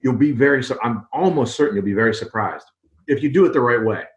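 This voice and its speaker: A man's voice: medium pitch, lively intonation, fast. A man in a casual interview, telling a story conversationally and checking in with "right?" and "you know". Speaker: podcast guest.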